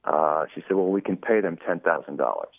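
A radio show producer with a very deep, expressive, creaky voice speaks as an interview guest over a tinny phone line. He tells chatty anecdotes, acts out quoted exchanges, and fills pauses with lots of "you know". The sound is dry and close.

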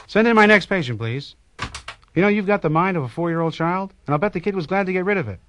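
A man's voice: sits high, expressive, noisy background, pitched above the performer's own voice. An actor playing a male psychiatrist telling corny stand-up jokes in an old radio comedy clip. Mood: wisecracking. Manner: rapid-fire joke delivery.

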